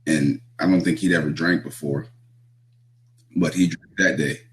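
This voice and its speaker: A young man with a deep, low voice tells road stories in a loose, laid-back way. He swears freely and laughs as he talks, like a guest chatting on a podcast. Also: fairly even intonation, moderate pace, slight background noise. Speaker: pro wrestler guest. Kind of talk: casual storytelling.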